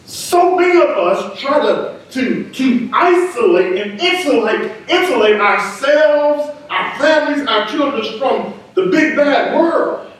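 A man preaching a sermon as pastor, emphatic and rising, with quick asides and laughter, in a church sanctuary. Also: very high-pitched, animated. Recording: echoey church hall, from a distance.

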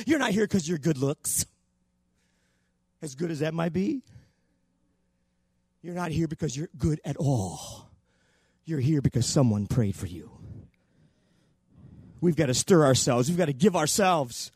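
A man preaching a sermon in a church, impassioned and shouting at the peaks. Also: fairly high pitch, expressive, measured pace, pauses often, breathy edge, no echo. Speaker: pastor.

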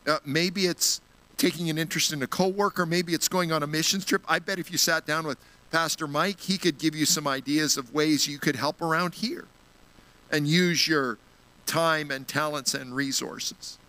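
A man's voice: a little high, fairly even intonation, normal speed, sharp tone, low-quality recording. A man giving an earnest sermon, telling a personal story and appealing to the congregation. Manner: earnest storytelling, gets emotional. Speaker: guest speaker at a church.

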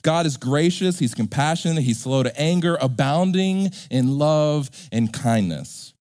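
A pastor preaching a sermon in an animated, joking way, acting out characters. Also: male voice, fairly high pitch, measured pace, no echo, studio quality.

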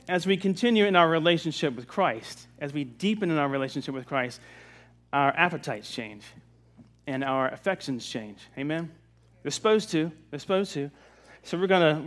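A man from the Virginia mountains preaching a sermon in a relaxed, conversational way, joking with the congregation. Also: a little high. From Virginia mountains, USA. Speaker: pastor. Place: church service.

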